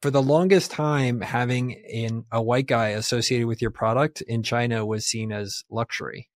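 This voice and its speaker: A man speaks as a guest on a podcast, telling stories with enthusiasm. He chuckles mid-sentence, and his mid-pitched voice is recorded dry and close. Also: steady tone, moderate pace, dry recording. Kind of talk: casual chat.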